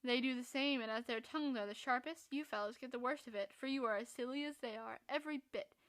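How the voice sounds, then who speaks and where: A woman voicing a frank, spirited young woman who scolds in a brisk, reproving way. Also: fairly high pitch, fairly bright tone, lightly acted.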